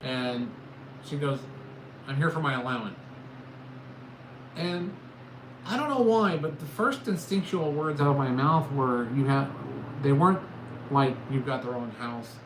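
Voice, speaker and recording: A man's voice: mid-range voice, measured pace, pauses often. Rambling man chatting on a livestream. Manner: rambling storyteller, self-mocking. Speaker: livestream host. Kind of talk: casual livestream chat. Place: home. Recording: echoey room with loud background noise.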